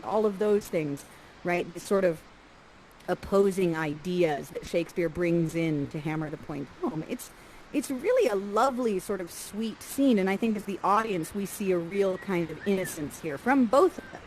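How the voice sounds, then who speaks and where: Woman acting coach, lively delivery, acts out lines, faint background hiss. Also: fairly low pitch, moderate pace, poor audio. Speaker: acting coach directing a scene. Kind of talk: animated scene coaching.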